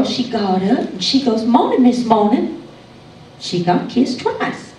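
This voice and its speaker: A woman's voice: darkish tone, a little hiss or hum. Giggly hillbilly gossip woman doing a country comedienne. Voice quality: high, bubbly voice with frequent giggles. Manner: chatty, gossipy country storytelling. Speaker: tribute comedian. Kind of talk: live stand-up comedy monologue. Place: stage show in a hall. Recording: echoey hall, mic from far off.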